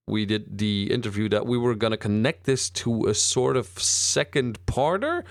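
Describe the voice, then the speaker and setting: Lively, crude young podcast host. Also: male voice, mid-range voice, moderate pace, no echo, studio quality. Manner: rambling, crude and jokey, many restarts. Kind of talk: casual banter.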